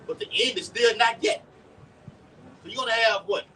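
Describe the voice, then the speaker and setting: A man's voice: very high voice, normal speed. Guy preaching on the street, kinda far from the mic, faint traffic noise behind. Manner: animated, repeats words, calls for scriptures. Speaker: street preacher leading the teaching.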